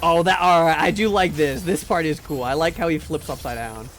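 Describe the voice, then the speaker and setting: A man's voice: on the high side, a little fast, a little hiss or hum. A man streaming a game live, joking around as he plays and reads chat, often repeating words while he talks. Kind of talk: live gameplay commentary and chat reading.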